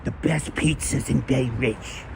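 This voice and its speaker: A man imitating a gruff local Brooklyn man, in a lower, drawn-out voice as he touts neighborhood spots. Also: background noise. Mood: boastful. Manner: lower, slower, exaggerated drawl.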